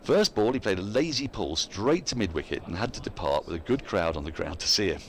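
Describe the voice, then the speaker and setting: Speak low in your register and let the pitch swing freely, a man commentating live cricket. Keep it chatty, break into easy laughs, and slip into reading listener emails between deliveries. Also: expressive, fairly quick, a little hiss or hum.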